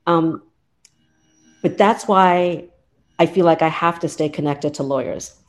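A woman's voice: sits low, a little slow. A woman in her fifties, a lawyer and professor, talking in an earnest, heartfelt way with frequent restarts in a casual interview. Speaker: guest, lawyer and law professor.

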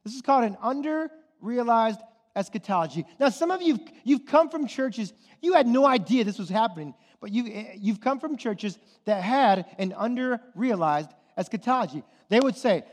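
Guy pastor preaching to his church, high voice, keeps asking "right?", big hall reverb. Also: lively intonation, moderate pace. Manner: rhetorical questions to the congregation, frequent "okay?" and "right?". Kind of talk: sermon.

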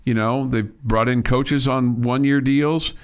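A man's voice: medium pitch, steady tone, slow pace, clean tone. A man co-hosting a sports talk radio show, speaking casually, with frequent restarts and dry sarcasm. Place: radio studio.

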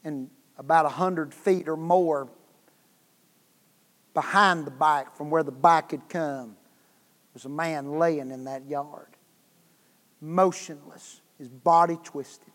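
A man preaching a revival sermon as guest preacher, telling a story that swings from hushed tones to loud bursts, with repeated words. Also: fairly high pitch, steady tone, slow, long pauses. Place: church sanctuary. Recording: long hall reverb.

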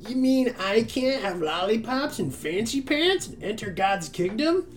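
A man putting on the high, whiny voice of a bratty cartoonish character who sneers at faith. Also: very animated, measured pace, slight background noise. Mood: whiny sneering.

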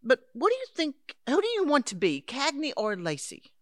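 An actress playing Henrietta, a brisk, patronizing elderly woman in an audio drama. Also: high voice, huge pitch swings, dry recording, studio quality. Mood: teasing. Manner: brisk, patronizing, calls others dear and darling. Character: scheming elderly woman, Henrietta, would-be crime writer.

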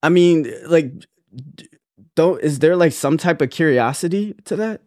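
A man's voice: fairly high pitch, animated, moderate pace, a little mellow, no room sound, studio quality. A young man co-hosting a casual podcast chat, talking earnestly in long rambling runs with many restarts. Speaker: podcast co-host.

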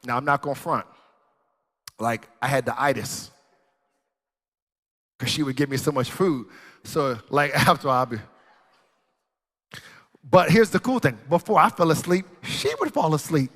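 A man preaching and telling a story, animated, swinging from loud bursts to hushed tones. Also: a little high, measured pace, long pauses. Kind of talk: sermon storytelling. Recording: long reverb in a large hall.

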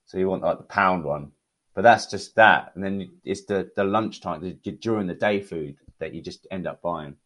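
Low-voiced British man telling stories. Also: normal speed. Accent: British English. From United Kingdom. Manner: relaxed, chatty, many fillers. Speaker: guest. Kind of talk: casual conversational storytelling.

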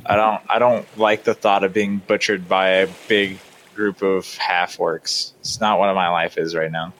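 Low male player, casual and hesitant. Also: little pitch movement, measured pace, a bit bright, slight background noise. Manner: hesitant, questioning. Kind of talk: casual tabletop game chat.

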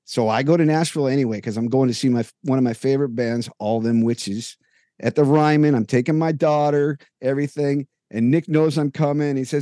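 A man's voice: medium pitch, a little fast, mellow, dry recording, studio quality. A man co-hosting a podcast, telling a long, detailed anecdote in casual chat and acting out the dialogue as he goes. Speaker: podcast co-host. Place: home room with jerseys on the wall.

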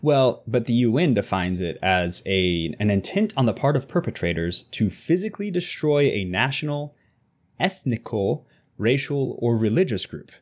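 Male podcast co-host, husky tone, lively pitch swings, conversational and argumentative. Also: moderate pace. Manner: animated, voice jumps up when making a point. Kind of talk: casual discussion and reading news aloud.

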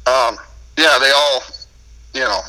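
A man's voice: medium pitch, slow, pushed and bright, rough recording. A man with a Minnesotan accent, a podcast guest telling his life story in easygoing casual chat, laughing often. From United States.

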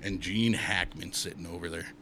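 Man from Montana, lowish voice, loose profane storyteller, slight background noise. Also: steady tone, normal speed, bright, forceful tone. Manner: rambling, profane, with many uh fillers. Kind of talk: casual storytelling.

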